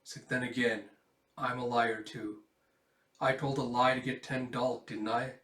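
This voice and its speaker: Guy reading and reacting to a comic, rambly, mid pitch, echoey room. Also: little pitch movement, measured pace, fairly bright tone. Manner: rambling, with restarts and "it's like". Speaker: manga reaction host.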